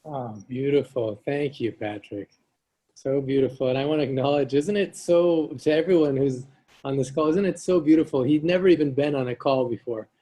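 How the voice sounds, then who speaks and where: A man's voice: mid-range voice, moderate pace, mellow. A man hosting a group video call, effusive and chatty, gushing with praise. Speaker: call host.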